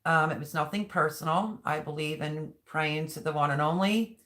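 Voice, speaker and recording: A woman's voice: low-pitched, moderate pace, a bit bright. A middle-aged woman hosting a live stream, chatting casually and rambling as she reads viewer comments aloud. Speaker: livestream host.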